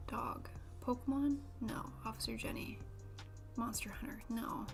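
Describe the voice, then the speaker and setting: A woman's voice: on the high side, steady tone, a little slow, vocal fry, over music. A young woman streamer chatting casually and self-deprecatingly while building a model kit, laughing often.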